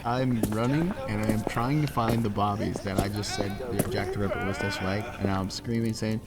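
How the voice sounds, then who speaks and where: A man playing a horror tabletop game, talking in a frantic, manic way and slipping into shouts. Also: on the low side, steady tone, moderate pace, hardly any pauses. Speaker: player. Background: music.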